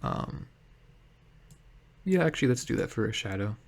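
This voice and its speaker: A man giving casual commentary on his own card game, thinking aloud with many pauses and fillers. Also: medium pitch, expressive, creaky. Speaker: gameplay streamer.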